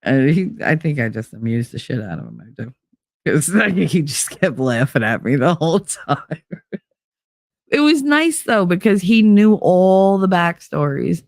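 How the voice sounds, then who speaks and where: A woman's voice: deep voice, unhurried, no room sound. Candid, cussing woman podcaster. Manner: candid, animated, swears freely. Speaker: podcast host. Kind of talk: casual monologue.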